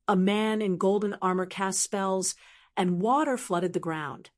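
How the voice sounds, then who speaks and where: Woman narrating an audiobook. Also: medium pitch.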